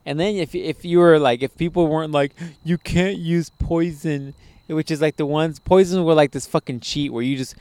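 Profane storytelling man, smooth dry voice. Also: a little high, brisk, few pauses, dry recording. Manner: profane, animated storytelling with laughs. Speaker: podcast host. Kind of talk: casual chat.

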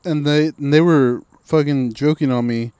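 A laid-back man co-hosting a casual podcast chat, wry and swearing freely. His voice is smooth and resonant at an ordinary pitch. The sound is dry and close, with no echo. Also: steady tone, normal speed, mellow. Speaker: podcast co-host.

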